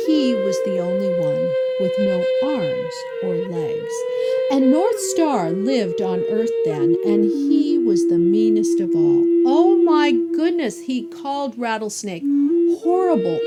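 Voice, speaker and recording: A woman storyteller from Southern California, telling traditional tales at an unhurried pace. Her fairly high voice swoops and lilts expressively, with instrumental music playing clearly behind her. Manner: slow, expressive, lilting. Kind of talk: oral storytelling. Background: soft instrumental music.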